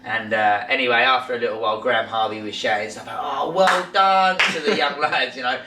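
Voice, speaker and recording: A young man co-hosting a podcast in relaxed chat, often asking tag questions. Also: medium pitch, fast, distant mic, a little hiss or hum. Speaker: podcast co-host. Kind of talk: casual chat. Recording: echoey room, away from mic.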